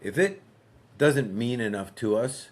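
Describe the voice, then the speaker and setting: A man, a podcast guest and fitness coach, telling a story in a relaxed, conversational way and acting out dialogue as he goes. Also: mid-range voice, unhurried. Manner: frequent fillers and restarts.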